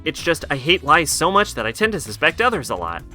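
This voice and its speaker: A man's voice: on the high side, wildly swooping pitch, brisk, sharp tone, faint music behind, pitched above the performer's own voice, heavily acted. A man voicing a mischievous, sly teenage boy from a video game, reading the lines in a needling, teasing way. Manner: needling, taunting delivery.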